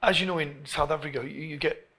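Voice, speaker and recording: A middle-aged English man, a football coach being interviewed, who tells stories in an animated way and often restarts his phrases. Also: fairly high pitch, quick pace. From England. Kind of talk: storytelling interview.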